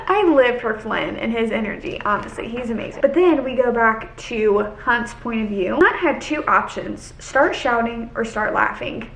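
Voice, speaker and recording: A young woman chatting casually on her reading vlog, rambling and excitable, full of "like.". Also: on the high side, normal speed, gravelly. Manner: excitable, rambling, heavy use of "like". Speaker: book vlogger. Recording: echoey room with faint noise.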